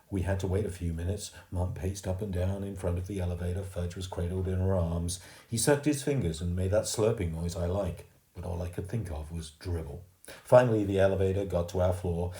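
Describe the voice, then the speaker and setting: A man reading a children's book aloud as a storyteller, slow and expressive, in a roomy recording. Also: low-pitched. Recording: roomy echo.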